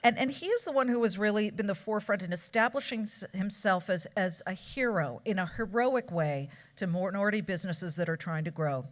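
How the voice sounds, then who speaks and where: A woman's voice: medium pitch, brisk, few pauses. Joking woman presenting an award. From California. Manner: chatty, joking asides to the audience. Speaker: award presenter at a charity gala. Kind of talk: after-dinner award speech. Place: banquet hall. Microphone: podium microphone.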